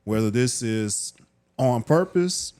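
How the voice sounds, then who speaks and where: A man with a Southern US accent in casual podcast banter, joking and laughing loudly. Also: mid-range voice, lively intonation, slow pace, clear, resonant tone. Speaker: podcast co-host.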